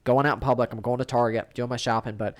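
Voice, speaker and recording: A man's voice: medium pitch, fairly even intonation, fast talker. A young man co-hosting a podcast in casual chat, blunt, rambling and full of swearing. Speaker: podcast co-host.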